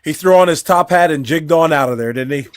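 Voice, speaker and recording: A man's voice: a little high, brisk, dry recording. A man co-hosting a wrestling talk show, trading dry quips and laughing. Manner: dry quips, laughs at his own jokes. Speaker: podcast co-host. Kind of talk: casual live-stream banter.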